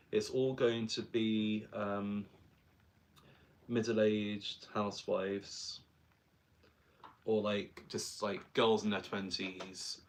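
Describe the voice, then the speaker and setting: A young man talks through his drag makeup in a loose, rambling vlog chat. His voice sits fairly low, and he keeps slipping in self-mocking jokes as he goes. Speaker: drag performer and vlogger. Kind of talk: casual vlog chat while doing makeup.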